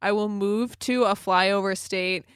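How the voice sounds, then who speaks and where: A woman co-hosting a podcast, chatting casually, reacting quickly and laughing loudly. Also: mid-range voice, steady tone, dry recording, clean studio sound. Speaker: podcast co-host. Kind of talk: casual chat.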